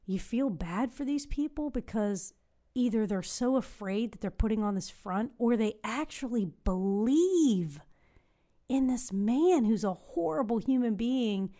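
Woman, warm mellow tone, casual rambling storyteller, frequent fillers. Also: medium pitch, moderate pace. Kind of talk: casual chat.

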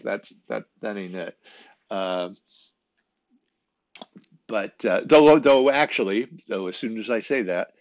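A man with a low, gravelly voice talks on his own in a loose, rambling way, full of restarts and fillers, with a wry, self-deprecating edge. The sound is dry and close but a little dull and lo-fi. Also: no echo. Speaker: actor vlogging about auditions. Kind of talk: casual solo talk to camera.

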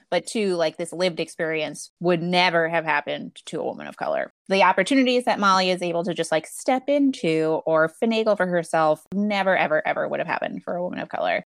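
A woman's voice: fairly low pitch, creaky, dry recording, studio quality. A woman in a casual film discussion, speaking bluntly and critically, sometimes swearing.

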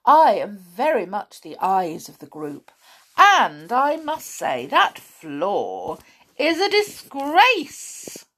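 A woman's voice: mid-range voice, wildly swooping pitch, takes it slowly, fairly bright tone, exaggerated voice. A woman voicing a cheeky young boy who bluffs in a pompous, mock-formal manner in a storybook.

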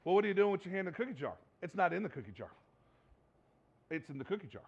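Animated high-voiced male pastor preaching. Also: very fast, gravelly, husky, highs cut off. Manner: animated, rhetorical questions, acts out quoted voices. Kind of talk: sermon.

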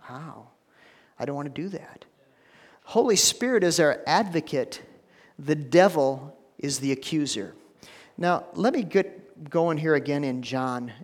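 A man preaching a sermon to a congregation, swinging between hushed, slow lines and loud, emphatic ones. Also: a little high. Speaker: pastor. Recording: long hall reverb.

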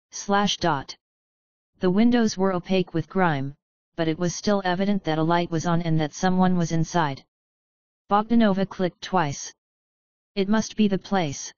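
Woman reading a story aloud, smooth lowish voice, dry kinda muffled sound. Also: darkish tone, no echo. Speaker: audiobook narrator. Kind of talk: scripted narration of a fan story. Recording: dry, slightly dull lo-fi recording.

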